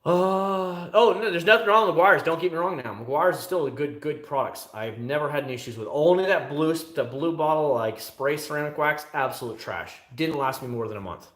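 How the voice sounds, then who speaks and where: A man chats through a casual livestream, animated and talkative as he answers viewers' questions. His voice is bright and forward. The sound has a noticeable echo around it. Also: a little high, fairly quick, hardly any pauses. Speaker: livestream host.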